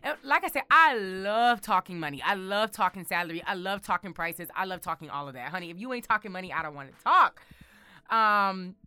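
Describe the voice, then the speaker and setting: A woman's voice: mid-range voice, animated, fairly quick, bright, forceful tone, clear, resonant tone, no echo. A woman hosting a casual motivational talk, sassy and emphatic, calling the listener honey. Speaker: show host.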